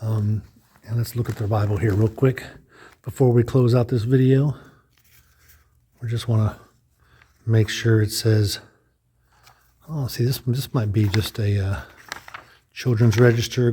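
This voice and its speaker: A man's voice: on the low side, steady tone, a little slow, pauses often, warm tone, a little hiss or hum. Man musing aloud on a walkthrough. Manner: musing, thinks aloud with restarts. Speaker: vlogger touring a lodge. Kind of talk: casual walkthrough narration.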